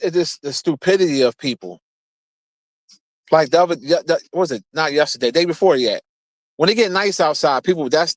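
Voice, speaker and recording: A young man talks to his stream from behind the wheel, rambling and swearing freely as he drives. His voice sits a little high for a man, and the sound is dry, with no room echo. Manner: profane, rambling, talks straight to viewers. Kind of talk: casual rambling chat while driving. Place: in a car.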